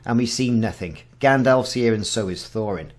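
A man's voice: mid-range voice, moderate pace, faint music behind. A man in his forties hosting a casual game walkthrough, reading the game's text aloud with wry asides. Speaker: gaming channel host.

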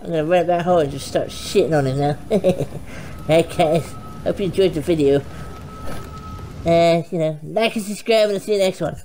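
A woman host giving foul-mouthed, excitable let's play commentary, shouting insults at the game. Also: fairly low pitch, moderate pace, soft background music, low-quality recording. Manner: excitable, frequent panicked outbursts. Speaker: gaming channel host.

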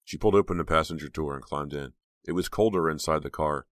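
A man narrating an audiobook in a steady, measured reading. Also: rumbling low, no room sound, studio quality. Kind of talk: scripted narration.

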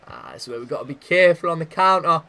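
Excitable man commentating a game. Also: a little high, rapid-fire, gravelly. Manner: shouts and cheers at big moments, chatty and cheeky. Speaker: gaming commentator.

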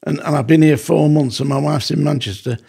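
Gravelly, husky man telling a story. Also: on the high side, a little fast. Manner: animated, acts out quoted dialogue. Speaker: former prison officer, podcast guest. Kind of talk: casual storytelling.

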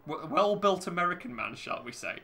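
A man's voice: high voice, big pitch swings, brisk, creaky, pushed and bright. A man playing a racing game, rambling, laughing often and swearing a lot. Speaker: gamer commentating his play. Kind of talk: casual gaming chat.

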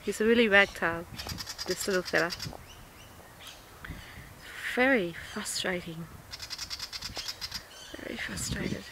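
A woman's voice: medium pitch, takes it slowly, long pauses. Exasperated woman vlogging outdoors. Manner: chatty and exasperated, with coaxing remarks to a bird. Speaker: vlogger filming in a cemetery. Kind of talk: casual handheld vlog commentary. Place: outdoors in a cemetery. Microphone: handheld iPod camera. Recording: noisy outdoor phone-camera audio. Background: birds and outdoor noise.

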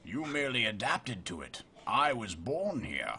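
A man voicing a huge masked villain who speaks slowly in a muffled, threatening way. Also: medium pitch, big pitch swings, bright, forceful tone, slight background noise, pitched below the performer's own voice, full character voice. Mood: menacing. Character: menacing masked male villain, huge, cold.

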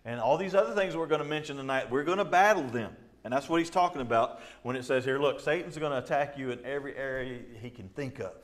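A man's voice: medium pitch, quick pace, few pauses. A middle-aged male pastor teaching a Bible study in a conversational way, with frequent fillers and repeats, often acting out quoted voices and laughing.

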